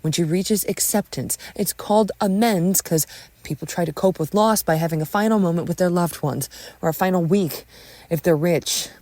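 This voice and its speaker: A woman's voice: lowish voice, normal speed, a little mellow, dry recording, voice pushed up, close to an everyday voice. A woman voicing a rattled young man who stammers and hedges in a narrated audio story. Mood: plain. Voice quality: stammering, hesitant.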